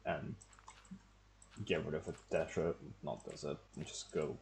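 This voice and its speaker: A man's voice: extremely low pitch, flat delivery, measured pace, darkish tone, a little hiss or hum. A man, casually talking to himself as he plays a game on stream. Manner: muttering thoughts to himself while playing. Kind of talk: casual gameplay commentary.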